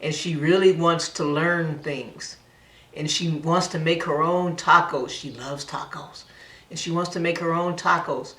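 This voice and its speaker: A woman's voice: low-pitched, fairly even intonation, unhurried, a bit bright, far from the mic. Woman adding to a parenting chat, agreeable, sits back from the mic, roomy sound. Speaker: parenting talk co-host. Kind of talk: casual advice chat. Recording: echoey room, away from mic.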